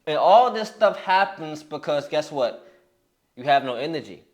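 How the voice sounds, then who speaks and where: A man's voice: on the high side, lively intonation, normal speed. A young man giving a blunt, profane motivational talk as a fitness coach, often restarting his sentences. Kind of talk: motivational monologue.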